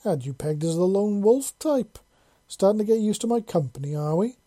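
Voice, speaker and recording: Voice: mid-range voice, expressive, moderate pace, pitched above the performer's own voice, lightly acted. A narrator doing a cocky ex-soldier man. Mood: playful. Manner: joking, growling softly. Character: cocky male ex-special forces soldier.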